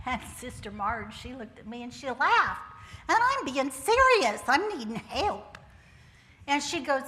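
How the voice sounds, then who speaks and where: Speaking at a measured pace, an older woman tells her church testimony in an expressive, folksy, humorous way, sprinkling in Southern expressions. The hall gives her bright, forceful, somewhat high voice a long, ringing reverb.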